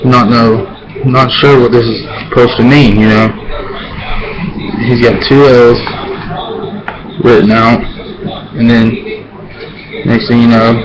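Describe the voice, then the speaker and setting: A man's voice: mid-range voice, poor audio. A man casually telling a parable with a prop in a loose, rambling way, recorded on a camera he holds and then sets down. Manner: loose, rambling, with many "you know"s. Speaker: storyteller. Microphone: handheld camera, then set down.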